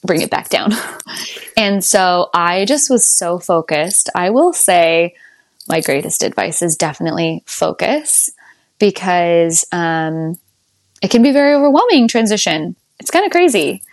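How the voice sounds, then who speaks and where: A young adult woman tells her birth story to a podcast host in a casual, chatty way. She laughs often, and her voice leaps up high whenever she quotes herself. The sound is dry, with almost no room in it. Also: measured pace, dry recording. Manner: animated, laughs often, jumps up high when quoting herself.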